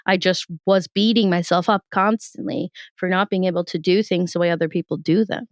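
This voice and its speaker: A woman's voice: on the low side, a little fast, no room sound. A young woman, a comedian, telling stories in a casual interview, laughing often and acting out what people said. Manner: animated storytelling, laughs often, acts out quotes. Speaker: podcast guest, comedian. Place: in her bed.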